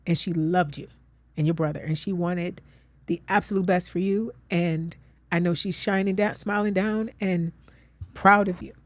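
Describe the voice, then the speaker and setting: A woman's voice: lowish voice, fairly even intonation, normal speed, dry recording. A middle-aged woman, a guest actress, talking earnestly in a heartfelt conversation and turning emphatic when she comforts someone. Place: studio with audience.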